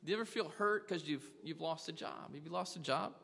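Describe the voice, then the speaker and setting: High-voiced pastor preaching in a hall. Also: male voice, a little fast, gravelly, fairly bright tone, slightly rough. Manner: earnest, asks the congregation repeated questions. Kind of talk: sermon.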